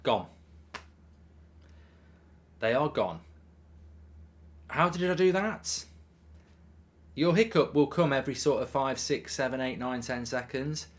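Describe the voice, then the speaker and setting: Man, live stream host, reading chat, casual and rambling, mid-pitched voice. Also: expressive, takes it slowly, pauses often. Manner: chatty, reads chat messages aloud, frequent ums. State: hiccups. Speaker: watchalong streamer.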